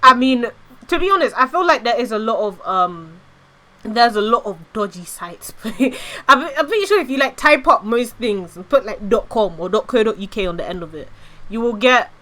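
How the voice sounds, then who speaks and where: A young British woman with a fairly high voice chats casually on a live stream. Her talk is giggly and loose, and she keeps answering her chat. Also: expressive, moderate pace, fairly bright tone. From Britain. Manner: chatty, giggly, reads chat aloud.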